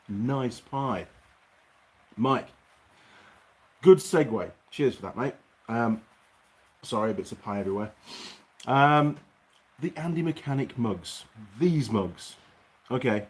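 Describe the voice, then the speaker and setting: A man hosting a casual livestream from his workshop. He chats, reads out viewer comments and grumbles. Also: on the low side. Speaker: host.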